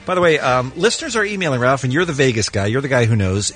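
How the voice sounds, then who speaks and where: A man hosting a morning radio show in casual banter, tossing out quick quips. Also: mid-range voice, faint music behind. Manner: quick, lively host patter with quips.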